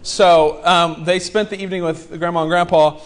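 Animated high-voiced male pastor. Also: moderate pace. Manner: animated, joking, acts out the people in his story. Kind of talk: sermon storytelling.

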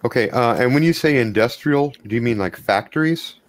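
A man who is a player in a tabletop role-playing game, talking in a measured way and asking questions. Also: medium pitch, animated, no room sound.

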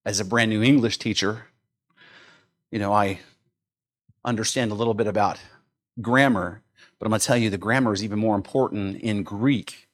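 A man preaching a sermon, swinging from loud, emphatic calls to quiet, explanatory asides, with frequent repeats and restarts. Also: medium pitch. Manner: repeats words, small restarts. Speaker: pastor.

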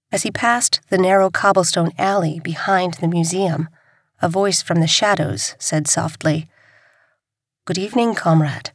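Reading a crime novel aloud as an audiobook narrator, a woman keeps a steady, measured pace in her scripted narration. Her pitch is fairly low, and the recording is clean studio sound without any room ambience.

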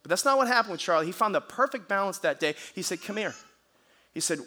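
A man preaching as a pastor, telling a lively story and then leading a hushed, earnest prayer in a church. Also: sits high, rapid-fire, husky. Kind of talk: sermon with storytelling and altar call. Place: church auditorium.

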